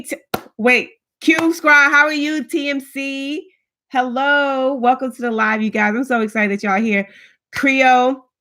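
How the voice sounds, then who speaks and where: Woman in her 30s, vlogger on a live chat stream, easygoing and talkative, shouts out viewers by name. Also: medium pitch. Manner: chatty, greets viewers by name, frequent restarts. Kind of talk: casual livestream chat.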